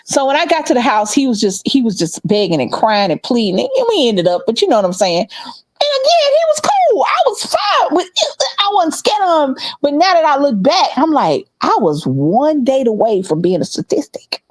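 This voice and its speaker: A middle-aged woman telling a story in casual chat, animated and laughing, acting out the other people's voices. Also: sits high, moderate pace, no echo. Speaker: podcast co-host.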